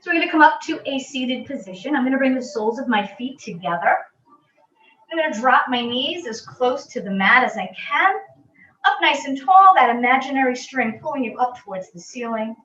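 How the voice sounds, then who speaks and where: Woman fitness instructor calmly cueing stretches. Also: high voice, a little fast. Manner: calm, reassuring cues. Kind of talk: guided exercise instruction. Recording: roomy, distant, dull audio.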